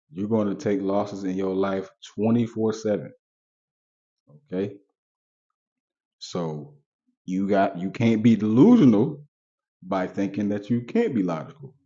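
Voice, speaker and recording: Low, dark-voiced man vlogging casually. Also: lively intonation, slow pace, long pauses, muffled recording. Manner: conversational, repeats points, talks straight to viewers. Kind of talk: casual commentary vlog.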